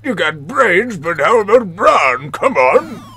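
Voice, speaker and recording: A man doing a high, blustering game boss. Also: big pitch swings, slow pace, pushed and bright, breathy edge, soft background music, exaggerated voice. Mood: taunting. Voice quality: high, theatrical voice. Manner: over-the-top villain taunts. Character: boastful male game boss, blustering and petulant. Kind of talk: reading game dialogue aloud in voices.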